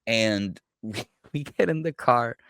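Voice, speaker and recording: A man who is a military veteran, guest on a podcast, telling stories in a casual, profane, animated way and acting out what others said. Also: mid-range voice, takes it slowly, no echo, studio quality. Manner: profane, animated storyteller who acts out quotes. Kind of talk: casual storytelling.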